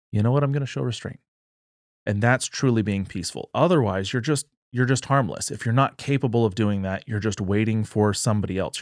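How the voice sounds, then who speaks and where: A man's voice: fairly low pitch, dry recording, studio quality. A man talking earnestly in a political discussion and acting out the quoted dialogue. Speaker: podcast guest, party chair.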